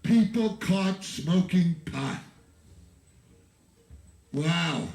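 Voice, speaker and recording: An American man giving a fiery, profane, shouting rally speech to a festival crowd from an outdoor stage. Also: on the high side, animated, drawn-out words, reverberant, low-quality recording. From United States. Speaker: activist speaker at a festival.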